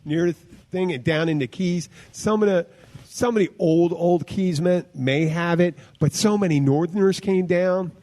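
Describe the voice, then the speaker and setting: Man, middle-aged, podcast host, casual rambling chat, higher-pitched voice. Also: moderate pace. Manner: rambling, animated storytelling with many restarts.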